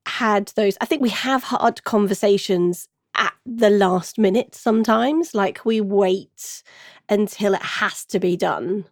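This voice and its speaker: A woman co-hosting a podcast interview, speaking in a thoughtful, measured way about parenting. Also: mid-range voice, no echo, studio quality. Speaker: podcast co-host. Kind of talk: reflective interview talk.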